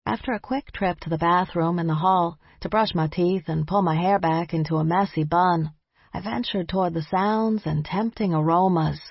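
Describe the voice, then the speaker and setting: Woman, audiobook narrator, wry measured storytelling, husky lowish voice, dry muffled recording. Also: no room sound. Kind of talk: first-person scripted narration.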